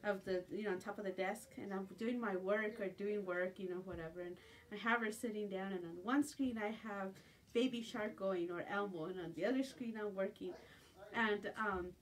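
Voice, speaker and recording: A woman's voice: mid-range voice, normal speed. A middle-aged woman selling jewelry on a live stream from home, chatting casually and sometimes cooing in baby talk. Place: home at night. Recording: distant phone mic with faint room noise.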